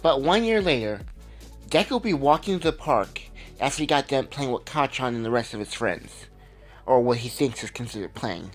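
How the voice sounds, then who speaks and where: A man's voice: medium pitch, animated, moderate pace, faint music behind. A man casually narrating a made-up fan story, rambling and correcting himself as he goes. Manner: rambling, conversational, self-correcting.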